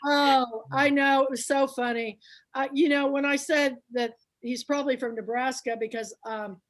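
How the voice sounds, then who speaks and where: A woman's voice: high voice, fairly even intonation, normal speed, rough recording. An older woman hosting a book and film club, chatting and telling stories with frequent laughs. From Kansas area. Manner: chatty storyteller, laughing often. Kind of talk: casual chat.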